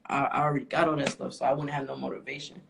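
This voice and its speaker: A young man, a rapper guest, talking casually and haltingly with lots of fillers. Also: mid-range voice, level tone, vocal fry, a bit bright. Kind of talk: casual interview talk. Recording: faint background noise.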